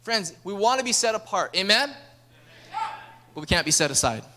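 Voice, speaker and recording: High-voiced energetic male preacher. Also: normal speed. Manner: energetic, storytelling, acts out dialogue. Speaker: pastor. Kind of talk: sermon. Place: church sanctuary.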